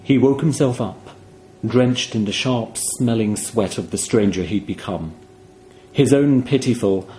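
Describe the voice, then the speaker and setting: A man reading a horror story aloud in a grave, hushed, measured way. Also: lowish voice, a little hiss or hum. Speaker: narrator.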